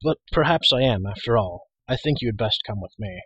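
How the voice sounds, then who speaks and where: Reader as a severe very old master; low, husky, curt. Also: male voice, animated, a little fast, fairly bright tone, no room sound, lo-fi sound. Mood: stern. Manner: stern, clipped. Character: ancient stern bearded old man, master of farm.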